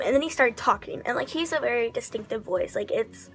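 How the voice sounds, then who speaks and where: A woman vlogger telling a casual, excitable story, full of "like" fillers and slipping into whispers for asides. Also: on the high side, brisk. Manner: chatty, heavy use of 'like' fillers.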